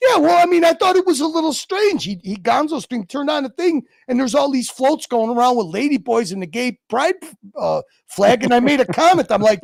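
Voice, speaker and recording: High, gravelly man ranting on a stream. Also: very animated, fairly quick, no echo, studio quality. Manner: profane, mocking, heated rant. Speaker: livestream host. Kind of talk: ranting livestream chat.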